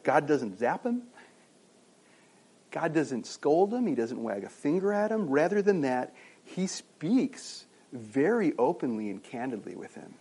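A man's voice: fairly high pitch, very animated, a little slow, dark tone, breathy edge. A man preaching a sermon in a conversational way, asking the listeners questions and often restarting his sentences. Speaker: pastor.

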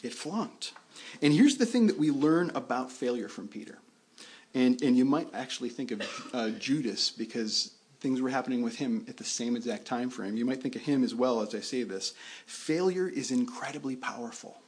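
A man's voice: mid-range voice, lively intonation, moderate pace, darkish tone, slightly rough. A man preaching a sermon in a conversational way, often restarting his sentences. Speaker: pastor.

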